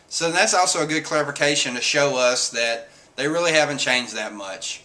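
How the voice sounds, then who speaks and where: A man's voice: on the high side, moderate pace, pushed and bright. A man, casually reviewing a comic chapter in a rambling, filler-heavy way. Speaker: manga reviewer.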